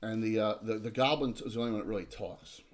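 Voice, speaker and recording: A man's voice: lowish voice, quick pace. A man narrating as game master of a tabletop game, loose and joking, with frequent restarts.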